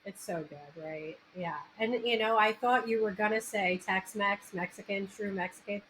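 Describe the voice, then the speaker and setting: Conducting a casual interview, a woman from the New York area with a New York Italian accent speaks animatedly and keeps restarting her sentences. Her medium-pitched, somewhat bright voice moves at a moderate pace, and the backup-mic audio is poor with faint background noise.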